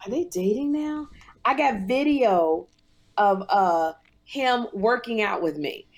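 Animated woman storyteller with lively pitch. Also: slow. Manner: animated storyteller, mimics voices in her anecdotes. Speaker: talk show co-host. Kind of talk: casual chat.

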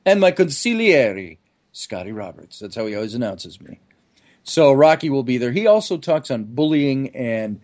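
A man's voice: medium pitch, darkish tone. A man speaking as a guest in a casual podcast interview, chatty and promotional, stringing together long lists. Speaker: guest, event organizer.

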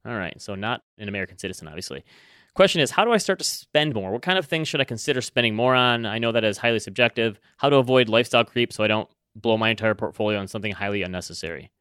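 A man co-hosting a podcast, dropping quick dry remarks in casual chat and reading a listener's question aloud. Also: on the low side, lively intonation, a bit bright, clear, resonant tone, no room sound. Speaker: podcast co-host.

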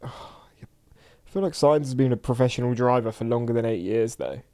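A man co-hosting a podcast, playing a casual quiz game and shouting out when he gets one right. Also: mid-range voice. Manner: excitable, quick to shout when he wins. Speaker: podcast co-host.

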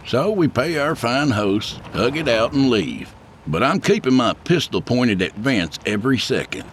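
A man's voice: medium pitch, very animated, unhurried, slight background noise, pitched above the performer's own voice. A man voicing a brash, defiant hunter in an audiobook, with a cocky, raised delivery.

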